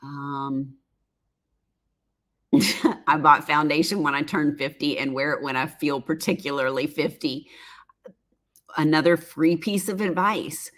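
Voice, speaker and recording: A woman's voice: deep voice, steady tone, a little slow, pauses often. A woman in her fifties chatting casually on a live stream, reading viewer comments with frequent laughs and rambling asides. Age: 50s. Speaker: livestream host, former makeup artist.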